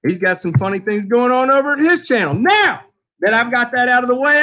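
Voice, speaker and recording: A man hosting a live lawn care show, reading out chat names with loud, playful shout-outs. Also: extremely high pitch, expressive, brisk. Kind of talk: live stream chat roll call.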